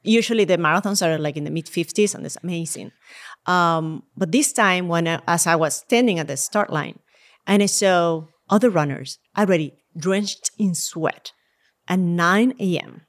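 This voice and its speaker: A woman guest telling her story in a relaxed casual interview, laughing often. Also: fairly low pitch, moderate pace. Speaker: guest runner.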